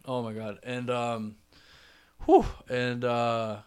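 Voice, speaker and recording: A man's voice: mid-range voice, level tone, drawn-out words, smooth. A young man hosting a solo podcast, telling a personal story in a chatty way full of fillers and restarts. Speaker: podcast host.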